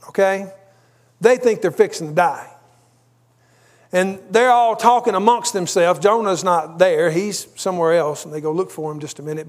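A man preaching a sermon, telling a story conversationally with asides. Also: high voice. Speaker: pastor.

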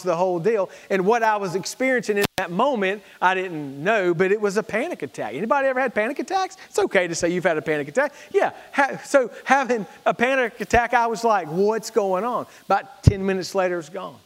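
Earnest high-voiced pastor preaching. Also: male voice, fairly bright tone, long reverb tail. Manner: earnest, storytelling, with prayerful repetition. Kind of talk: sermon.

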